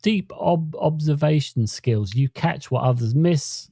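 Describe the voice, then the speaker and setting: Gravelly-voiced man. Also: fairly high pitch, warm tone, no echo. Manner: reads points out, halting with fillers and restarts. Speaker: podcast co-host. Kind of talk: casual chat.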